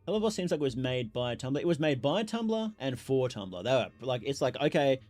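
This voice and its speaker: A man streaming a video game, chatting casually with his chat, reacting loudly with exclamations and laughs. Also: medium pitch, very animated, a little fast, no echo, soft background music. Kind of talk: casual live game commentary.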